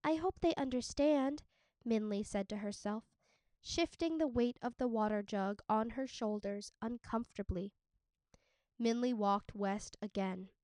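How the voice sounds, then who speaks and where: Female teacher, audiobook read-aloud, slow and crisp, dry close sound. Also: mid-range voice, no echo. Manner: steady, clear storytelling.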